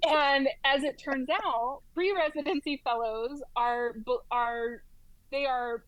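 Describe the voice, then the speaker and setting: Lady nurse telling a story on a podcast, kinda high voice, lots of likes and ums, dry close mic. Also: slow pace, dry recording, poor audio. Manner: lively storyteller, heavy use of "like" and "um". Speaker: flight nurse practitioner guest. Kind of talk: casual storytelling in an interview.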